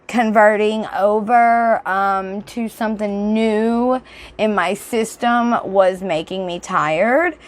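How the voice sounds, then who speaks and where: A young adult woman vlogs casually, rambling with fillers as she shows off products. Her medium-pitched voice moves slowly and sounds a bit off and throaty, and she clears her throat.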